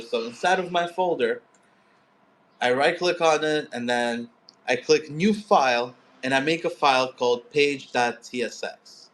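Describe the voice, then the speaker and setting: A man's voice: a little high, fairly bright tone. A man walking through a coding setup step by step, teaching live. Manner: explanatory, step-by-step. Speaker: coding instructor. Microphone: phone.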